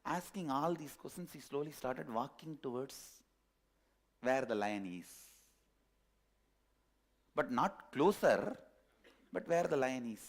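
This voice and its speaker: A man telling a parable as a spiritual teacher, animated and repetitive. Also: mid-range voice, slow pace, long pauses. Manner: animated storytelling, repetitive phrasing. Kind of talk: storytelling sermon.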